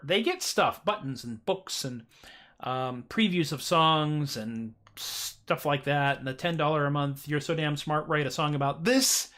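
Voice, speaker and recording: A man's voice: on the high side, a bit bright. A man hosting his own livestream show, chatting casually between songs with rambling, self-deprecating jokes. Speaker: singer-songwriter host of a livestream show.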